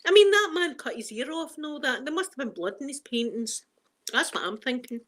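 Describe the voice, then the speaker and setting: A woman's voice: high-pitched, lively intonation, brisk, a bit bright. A middle-aged woman with a Scottish accent chatting casually on a live stream, reading the chat and laughing often. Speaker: ASMR streamer.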